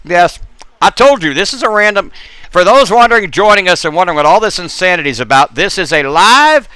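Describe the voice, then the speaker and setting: A man's voice: high voice, expressive, brisk, sharp tone, smooth, no room sound. A man hosting a live comedy stream, rambling playfully. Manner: rambling, playful, lots of silly voices.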